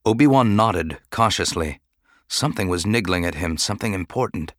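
A man giving measured, dramatic audiobook narration. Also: deep voice, animated, no echo, studio quality.

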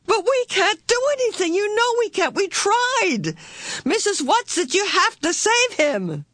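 A woman voicing a desperate young teenage girl who pleads in shrill, frantic bursts. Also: lively intonation, normal speed, pushed and bright, no echo, exaggerated voice. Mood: pleading.

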